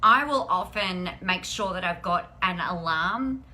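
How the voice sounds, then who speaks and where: A woman's voice: fairly low pitch, lively intonation, a little slow, bright, forceful tone. A woman hosting a live stream, chatting in an upbeat, encouraging way and often saying "like". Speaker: host of a weekly live business show. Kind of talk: casual live-stream chat.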